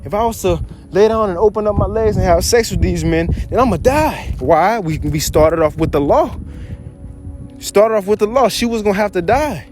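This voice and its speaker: A man teaching from scripture in a casual, slangy, animated way, reading verses and riffing on them. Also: high voice, moderate pace, soft background music. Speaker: Bible teacher.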